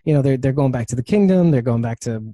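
Podcast guy rambling along, lots of ums and restarts, mellow voice, dry close mic. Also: mid-range voice, animated, quick pace, dry recording. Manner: rambling, many fillers and restarts. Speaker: podcast co-host. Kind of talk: casual chat.

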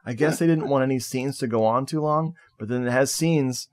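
A man at an ordinary pitch co-hosts a loose, casual film chat. He is jokey and laughs often, and he tosses in swear words as he goes. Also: fairly quick, a little mellow. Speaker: podcast co-host.

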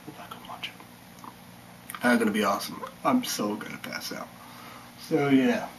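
A man's voice: medium pitch, normal speed, a little hiss or hum, poor audio. A man rambling through a casual vlog monologue, meandering and muttering, sometimes dropping to a whisper. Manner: meandering, mutters and drops to whispers, bursts into sung chants. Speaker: vlogger.

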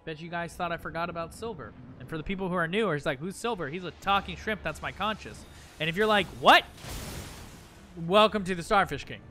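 Bright-voiced man streaming a game. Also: a little high, quick pace, slight background noise. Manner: chatty, self-mocking, repeats phrases under his breath. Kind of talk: live gameplay commentary.

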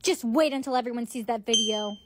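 A woman's voice: fairly high pitch, fast, heavy background noise. A young woman acting in a scripted comedy skit, snarky and accusing.

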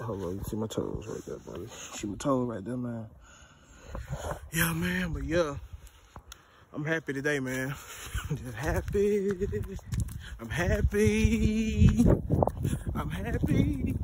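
A young man talking off the cuff for his vlog, loose and rambling, swearing as he goes. His voice sits a little high for a man, and steady noise runs under the recording. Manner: laid-back, rambling, swears freely. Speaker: vlogger. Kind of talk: casual vlog talk.

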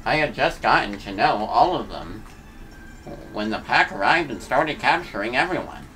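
A man's voice: mid-range voice, expressive, moderate pace, pushed and bright, low-quality recording. A man reading aloud the lines of a small, friendly Waddle Dee townsperson from a game. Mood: earnest.

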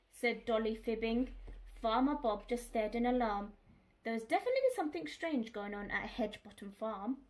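A woman reading a children's picture book aloud, expressive and speaking to young listeners. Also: on the high side, moderate pace. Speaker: storyteller.

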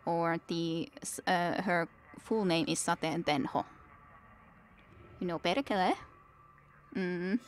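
A young woman with a lowish voice talks loosely through a live game stream. She keeps up easy, rambling chat and answers her viewers between moments of play, with a faint hiss under her voice. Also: slow pace, pauses often. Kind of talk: casual live-stream chat while gaming.

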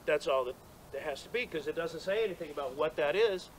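At an outdoor gathering for a monument dedication, a man with a slightly high voice speaks animatedly and quickly. His speech is a rambling, self-deprecating story full of restarts and laughs, captured in a low-quality recording with slight background noise.

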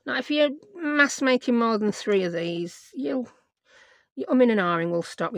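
A middle-aged woman hosts a chatty crafting tutorial, rambling and talking to herself while she works, often poking fun at herself. Her voice is a little high, animated, and unhurried, in a dry recording.

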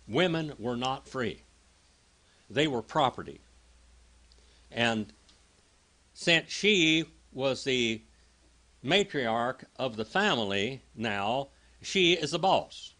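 Preacher, male, bright, clear tone; reads verses, then chats through them. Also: mid-range voice. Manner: conversational Bible teaching, reads scripture then explains it. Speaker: pastor. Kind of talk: sermon.

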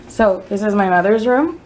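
A woman's voice: medium pitch, a little mellow, a little hiss or hum. A chatty woman filming a casual family vlog at her mother's house, laughing easily and talking to the camera. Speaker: vlogger.

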